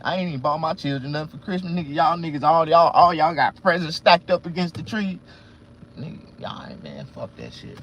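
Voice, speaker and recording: Profane male vlogger, very lively pitch, loud-to-mutter swings, in a car with faint road hum. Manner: animated, profane, swings between loud outbursts and low muttering. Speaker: vlogger and barber. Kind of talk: casual live-stream rant.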